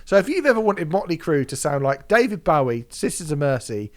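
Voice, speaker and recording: A man co-hosts a casual podcast, talking with a slightly raised pitch that swoops up and down a lot. His delivery is sarcastic and mocking. He laughs often as he talks. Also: sing-song, brisk. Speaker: podcast co-host.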